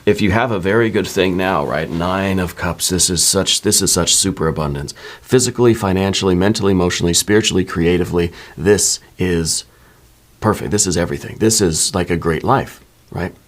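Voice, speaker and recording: A man with a very low voice lays out a tarot reading in a soft-spoken, unhurried way. He muses aloud and keeps checking in with the listener as he goes. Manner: relaxed, musing, often checks in with "right?". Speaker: tarot reader.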